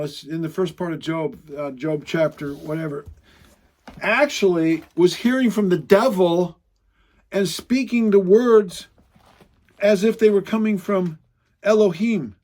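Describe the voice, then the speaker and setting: A man teaching a sermon in a conversational, emphatic way, slowing down for dramatic quotes. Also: high-pitched, a little mellow. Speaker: Bible teacher.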